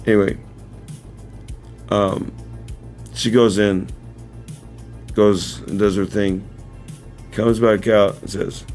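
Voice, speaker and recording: A man's voice: lowish voice, level tone, slow, long pauses, a little mellow, soft background music. A man hosting a casual livestream, telling a story in a rambling, self-correcting way with frequent chuckles, then speaking earnestly and directly to his viewers. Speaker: livestream host. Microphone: camera mic.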